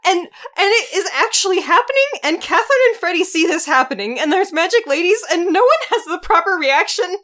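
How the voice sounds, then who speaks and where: A woman's voice: extremely high pitch, expressive, a bit bright. A young woman co-hosting a podcast, casually recapping a film with wry, profane asides. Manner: wry, profane, quick to laugh. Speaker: podcast co-host.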